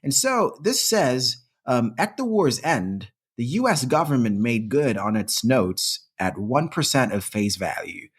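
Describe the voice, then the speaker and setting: A man's voice: medium pitch, very animated, a little slow, hardly any pauses, breathy edge. A man co-hosting a comedic history podcast, telling the story in a playful, mock-exasperated way. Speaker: podcast co-host.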